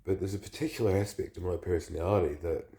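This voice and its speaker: Man, flu-sick, very low creaky voice, rambling confessional storytelling. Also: fairly even intonation, fast, warm tone. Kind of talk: casual personal storytelling.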